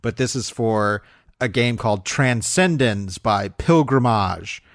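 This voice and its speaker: A man's voice: medium pitch, lively intonation, slow pace, no room sound, studio quality. A man co-hosting a film review podcast, talking casually and rambling with fillers, restarts and frequent laughs. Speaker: podcast co-host.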